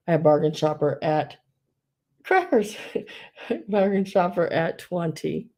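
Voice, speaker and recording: A woman's voice: lowish voice, expressive, takes it slowly, long pauses, mellow. Chatty woman running a live online sale. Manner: chatty, gushing, reads out bids. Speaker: live online auction seller. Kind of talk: live-stream sale chat.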